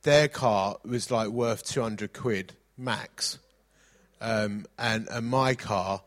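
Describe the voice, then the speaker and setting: A middle-aged man preaching a sermon, mixing jokey anecdotes with scripture reading. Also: lowish voice.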